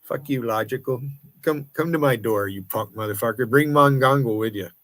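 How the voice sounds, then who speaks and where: A man's voice: mid-range voice, normal speed, a bit bright, no room sound. Sixty-something american guy cursing up a storm on a livestream, dry close sound. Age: 60s. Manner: profane and confrontational. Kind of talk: angry livestream rant.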